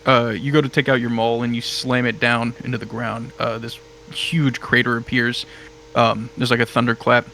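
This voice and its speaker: Relaxed man running a tabletop game. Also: mid-range voice, normal speed, a little hiss or hum, poor audio. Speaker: game master.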